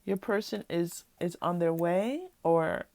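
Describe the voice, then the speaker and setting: A woman with a stuffy, nasal voice from a cold, giving a gentle, reassuring pick-a-card tarot reading. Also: on the low side, slow pace, vocal fry, dry recording. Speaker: tarot reader.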